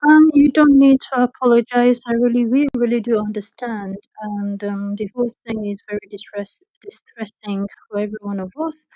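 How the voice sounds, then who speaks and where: A woman moderating an online audio discussion, speaking calmly and reassuringly with fillers. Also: on the high side, normal speed, few pauses, dry recording, muffled recording.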